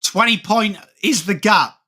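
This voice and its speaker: A man on a live stream, chatting with viewers and calling the game, with excited outbursts on big plays. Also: high-pitched, measured pace, slightly rough. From England. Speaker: watchalong streamer. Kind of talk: live game commentary mixed with chat.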